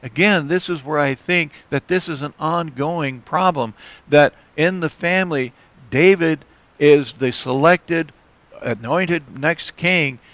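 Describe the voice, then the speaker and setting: A man's voice: a little high, a bit bright, no room sound. A man teaching a Bible study, reading verses and explaining them in plain, conversational words.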